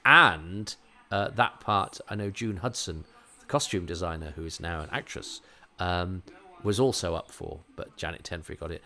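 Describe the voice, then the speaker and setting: A man's voice: low voice, moderate pace, pushed and bright. Rambling middle-aged man with an RP accent. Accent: English Received Pronunciation. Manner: rambling, many fillers and restarts. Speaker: podcast host reviewing a TV episode. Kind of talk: casual reflective commentary.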